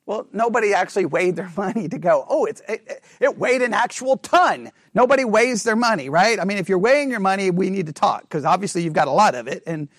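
A middle-aged man teaching a Bible study class, chatty, asking the class questions and acting out sarcastic quotes in a low mumble. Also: quick pace, hardly any pauses, dry recording, clean studio sound.

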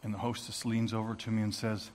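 A man preaching a sermon as a story, moving from hushed tones to shouting. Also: lowish voice, level tone, fast, big-room sound, a little hiss or hum. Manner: dramatic, swings from hushed to shouting.

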